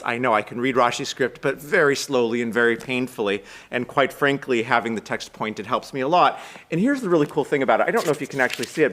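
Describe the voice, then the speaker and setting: A man with an American accent delivering a chatty, self-deprecating sermon at a synagogue service, talking quickly. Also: mid-range voice, a bit bright. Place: synagogue sanctuary, live stream.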